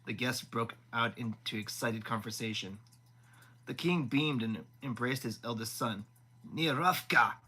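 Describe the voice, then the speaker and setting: A man's voice: medium pitch, fairly even intonation, a little slow, fairly bright tone, breathy edge, poor audio. A man reading a novel aloud live, often stumbling and rereading words. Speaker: audiobook reader.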